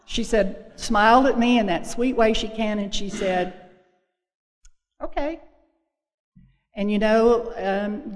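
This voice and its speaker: A woman sharing her personal recovery story at a meeting, speaking earnestly and haltingly, with many fillers and restarts. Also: lowish voice. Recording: long echo of a hall.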